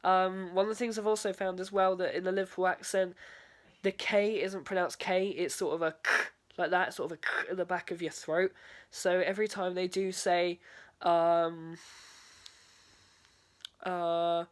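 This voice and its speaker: A woman's voice: lowish voice, steady tone, fairly quick. A young woman, a drama student, talking through a spoken video diary in a hesitant way, full of fillers and "sort of".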